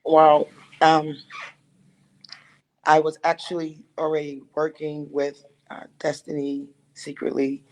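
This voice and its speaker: A middle-aged woman who founded a management company, telling its origin in an emotional, animated way and acting out the people she quotes. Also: low voice, slow, pauses often, low-quality recording. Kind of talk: personal storytelling in an interview.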